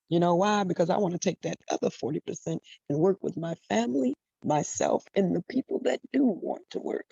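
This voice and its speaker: A woman's voice: lowish voice, fairly quick, vocal fry, few pauses, mellow, breathy edge, dry recording. A middle-aged woman life coach giving a motivational monologue, emphatic and blunt, repeating her phrases and swearing freely. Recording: dull dry lo-fi recording.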